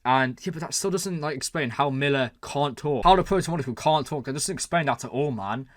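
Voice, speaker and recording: A man with a mid-range voice reacts to a TV episode for his channel, talking fairly quickly in studio-quality audio with no echo. His commentary is excited and thought out loud, packed with exclamations and filler words.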